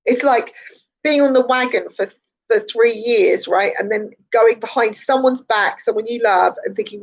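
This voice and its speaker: A woman speaks as a psychic in a casual morning live stream, her voice slightly hoarse. She talks in a chatty, repetitive and encouraging way and laughs often. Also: fairly high pitch, normal speed, low-quality recording.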